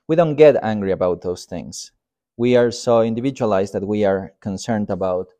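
A man teaching a Sunday school lesson in an informal, story-driven way, acting out quotes with lively shifts in his voice. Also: on the low side, normal speed. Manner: storytelling with acted quotes, animated.

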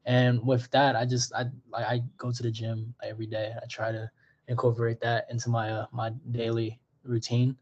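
A man's voice: mid-range voice, monotone, normal speed, a little mellow, lo-fi sound. A young man, a college student, talking in an easygoing way in a casual group chat, with lots of "like" fillers. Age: young adult.

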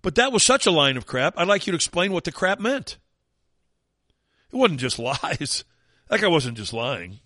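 A man's voice: a little high, very animated, moderate pace, pauses often, sharp tone, no echo, studio quality. Sarcastic ranting male radio host. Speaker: radio talk show host. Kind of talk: opinionated talk radio monologue.

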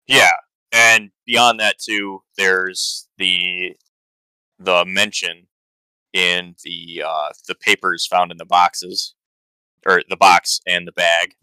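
A man co-hosting a podcast, talking in a casual, halting way. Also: sits low, level tone, bright, forceful tone, clear, resonant tone, no echo, poor audio. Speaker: podcast co-host.

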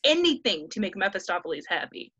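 A woman's voice: mid-range voice, very animated, sharp tone, husky, dry recording. A woman in her thirties retells an old tale with a casual, cheeky edge, swearing freely and jumping into characters' lines. Her voice is close and dry, with no room sound. The audio is slightly dull and lo-fi. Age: 30s. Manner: irreverent, profane, quick to act out characters' lines. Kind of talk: casual retelling of a classic story.

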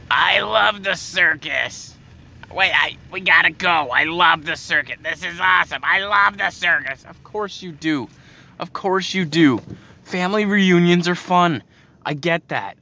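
A Canadian man hosts a podcast while driving, ranting and swearing in an exasperated way, full of asides. His fairly high-pitched voice has a sharp tone. Faint car noise can be heard in the moving vehicle.

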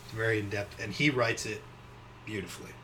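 A man hosting a casual chat podcast, his voice sitting a little low. He rambles through long thoughts with plenty of fillers and now and then jumps into animated impressions of other people. A faint hiss of noise sits under the recording. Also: fairly quick, poor audio. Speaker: podcast host.

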